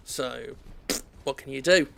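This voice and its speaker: A man's voice: mid-range voice, slow pace, vocal fry, noisy background. A man giving rambling, sweary, self-deprecating commentary over his own gameplay, drifting off on tangents. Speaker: gaming video host.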